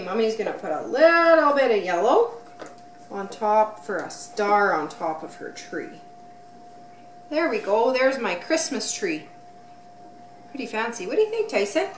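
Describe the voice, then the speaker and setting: A woman's voice: on the high side, very animated, a little slow, slight background noise. A woman filming herself playing with her young child, encouraging him and asking lots of questions in a sing-song way. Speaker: parent filming play with her toddler. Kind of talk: unboxing and play vlog. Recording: roomy, from mic distance.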